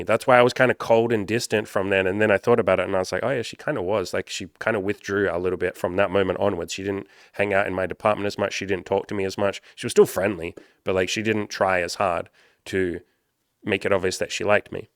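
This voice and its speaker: A man's voice: low-pitched, fairly even intonation, quick pace, no room sound, studio quality. A man, a dating coach, telling a personal story in a candid, rambling way and swearing freely. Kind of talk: casual storytelling monologue.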